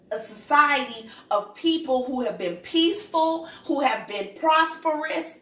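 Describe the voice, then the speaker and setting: A high-voiced woman vents her anger straight to her viewers, blunt and profane, calling them "y'all". She sounds set back from the mic, and her voice rings around an echoing home kitchen. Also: pushed and bright, distant mic. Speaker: vlogger. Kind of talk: heated rant to camera.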